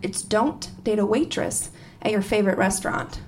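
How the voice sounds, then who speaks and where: A woman in her thirties doing a stand-up comedy set on stage, profane and animated, laughing through her punchlines. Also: mid-range voice, normal speed, a little hiss or hum. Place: comedy venue with a live audience.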